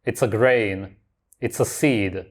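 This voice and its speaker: A man with a lowish voice delivers blunt, contrarian commentary as a reaction host. His tone is flat-out dismissive as he picks apart what he hears. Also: takes it slowly. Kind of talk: commentary over clips.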